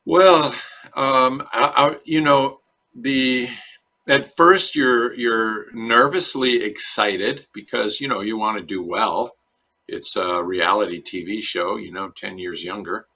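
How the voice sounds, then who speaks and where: A middle-aged man from Chicago, a dentist answering interview questions in a relaxed, storytelling way. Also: lowish voice, takes it slowly. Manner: relaxed storyteller, acts out quoted voices. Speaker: dentist guest.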